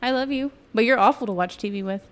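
A woman's voice: a little high, quick pace. A woman co-hosting a casual podcast movie review, talking in a teasing, chatty way with many restarts. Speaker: podcast co-host.

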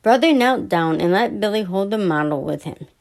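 A woman podcast host reads a children's story aloud in a soft, unhurried way. She trips over words now and then and simply corrects herself, her voice sitting in an ordinary middle range. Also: medium pitch, lively intonation, vocal fry. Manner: soft, stumbling, self-correcting reading.

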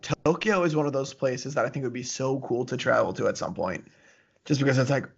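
Brisk and slightly rough with vocal fry, this mid-range male voice belongs to a podcast co-host. He keeps the conversation laid-back and meandering, with frequent laughter, over muffled lo-fi audio.

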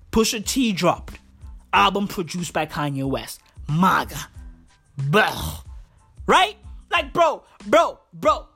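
A woman rants for her vlog in a loud, hyped voice, swearing freely and repeating herself for effect. Her delivery is slow and drawn out, sitting a little high in pitch, with faint music underneath. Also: breathy edge. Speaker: vlogger. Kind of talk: casual comedic rant.

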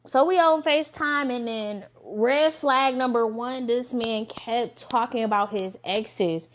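A young woman hosting a podcast, telling a dating story in a candid, profane, casual way with quick asides. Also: on the high side. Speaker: podcast host.

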